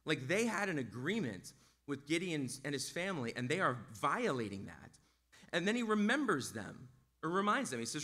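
A man's voice: fairly high pitch, very animated, normal speed, bright, forceful tone. A male pastor preaching a sermon in a casual, conversational way, often checking in with his listeners. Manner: casual, conversational, with frequent "like" and "right?".

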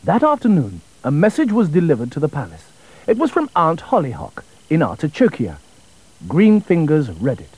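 A man narrating a children's storybook in an expressive, melodic way. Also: fairly high pitch, normal speed, slightly rough, no room sound, rough recording.

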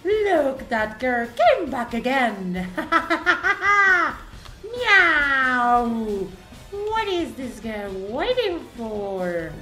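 A woman's voice: sits high, very animated, drawn-out words, heavily acted. A woman voicing a gleeful, hungry cat monster in a playful game role-play, giggling, meowing and taunting. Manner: giggly, meows between lines, taunting. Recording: echoey room with loud game music.

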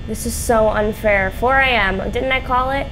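A young woman, a gaming YouTuber, records let's play commentary of a horror game at home with a cat nearby, answering the characters and swearing when frustrated. Her voice is a little high and her pace normal. Music runs under her speech, and the background is noisy.

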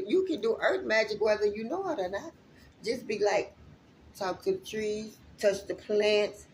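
A woman's voice: medium pitch, a little hiss or hum. A woman gives a loose, heartfelt spiritual reading to her viewers in a mid-range voice. She is chatty and openly emotional, and she swears freely as she talks straight to her audience. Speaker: spiritual reader.

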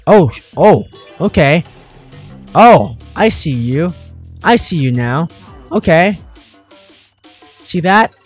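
A man hosting a let's play, commenting in an excitable, joking way with loud outbursts. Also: fairly high pitch, slow pace, pauses often, slightly rough, faint music behind. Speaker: gamer, channel host.

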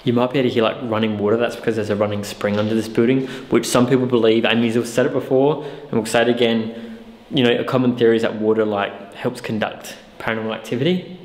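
A man's voice: mid-range voice, little pitch movement, fast talker. Jumpy man in an echoey empty hall. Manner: chatty, easily spooked, lots of fillers. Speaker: co-host of a ghost-hunting channel. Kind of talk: casual vlog narration. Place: inside an empty old hospital building. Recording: echoey, reverberant room with faint noise.

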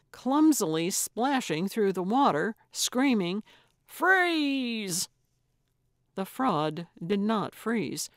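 A woman narrating a cozy mystery audiobook in a measured, storytelling manner. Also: mid-range voice, no echo, clean studio sound. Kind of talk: scripted narration.

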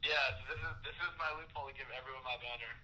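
A man's voice: mid-range voice, fairly even intonation, racing, pushed and bright, low-quality recording. A young man, a touring musician, joking crudely and playfully as a guest on a live webcast. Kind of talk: casual crude banter.

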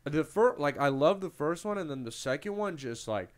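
A young man hosting a casual podcast chat, animated, who slips into loud, goofy impressions. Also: fairly high pitch, moderate pace. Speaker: podcast host.

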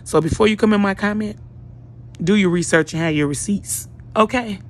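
A woman's voice: mid-range voice, moderate pace. Woman vlogger just out of bed going off at people, blunt, cussing, scolding the whole time. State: just woke up. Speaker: YouTube vlogger. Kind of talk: ranting commentary vlog.

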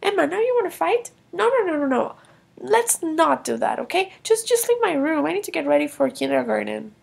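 A grumpy, impatient boy voiced by a woman in a toy film, pitched a little lower than a small child, with a gravelly edge. He brushes others off irritably. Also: very animated, fairly quick, heavily acted. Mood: annoyed. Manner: irritated and dismissive. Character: grumpy young boy, impatient big brother.

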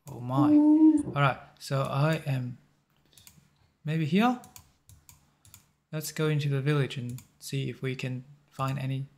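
A man hosting a map-guessing game video, thinking aloud in a halting, musing way with short chuckles. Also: mid-range voice, creaky.

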